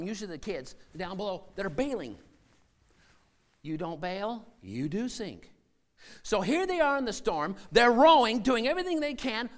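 A man preaching a sermon as a missionary, acting out scenes and voices and swinging from shouting to hushed tones. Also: high-pitched.

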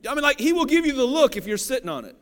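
A man's voice: very high voice, very animated, racing, a bit bright. A man from Cincinnati, Ohio, preaching a sermon in a conversational, joking way and often checking that the audience follows along. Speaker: pastor.

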